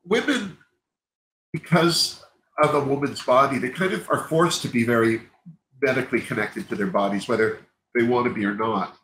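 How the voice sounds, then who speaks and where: A man's voice: medium pitch, moderate pace, fairly bright tone. Rambling man in an echoey room. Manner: rambling, self-interrupting, openly emotional. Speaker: livestream host. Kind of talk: casual candid chat. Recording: echoey room, faint background noise.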